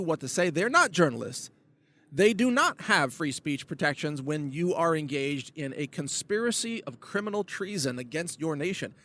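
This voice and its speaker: A man's voice: fairly high pitch, a bit bright. A man hosting his own political video blog, delivering a sarcastic, emphatic rant. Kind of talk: ranting political commentary.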